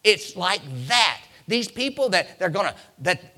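A male preacher with a bright, ringing tone and a fairly high voice. He swings widely in pitch as he preaches, reading scripture and then building to loud, emphatic runs. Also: animated, moderate pace. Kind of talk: sermon.

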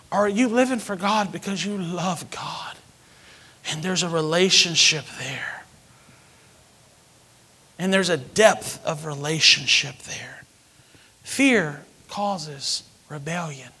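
A man preaching a sermon, telling a personal story with animated, sudden loud outbursts. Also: high-pitched, husky.

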